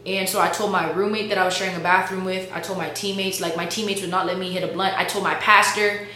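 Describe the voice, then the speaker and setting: A woman's voice: fairly low pitch, fairly even intonation, quick pace, pushed and bright. A young woman, a college student, casually telling a faith testimony in a chatty, slangy way, full of "like" and "bro". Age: young adult. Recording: very echoey room with faint hum.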